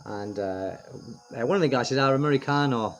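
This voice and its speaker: A man's voice: on the low side, expressive, moderate pace, muffled recording, slight background noise. A middle-aged British man vlogging in a casual, opinionated way, rambling with lots of fillers and restarts. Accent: British English. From United Kingdom. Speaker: expat vlogger. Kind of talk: casual chat to camera.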